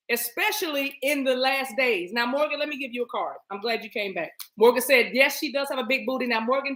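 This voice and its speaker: A woman doing a spiritual reading on a live stream, talking to her viewers in a lively, playful way and breaking into tongues and snatches of song. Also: fairly high pitch, echoey room. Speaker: spiritual reader.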